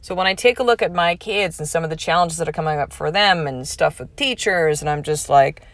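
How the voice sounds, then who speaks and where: Woman podcast host in her thirties, lowish voice, frank and casual with salty language, dry close recording. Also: fairly quick, dry recording. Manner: frank and casual, swears freely, animated emphasis. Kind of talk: candid motivational monologue.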